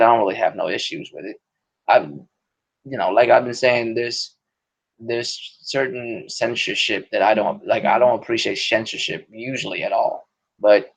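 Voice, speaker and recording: A man's voice: on the low side, vocal fry. A man hosting a podcast in casual, profane, rambling chat with many restarts. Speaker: podcast host. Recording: dull lo-fi audio.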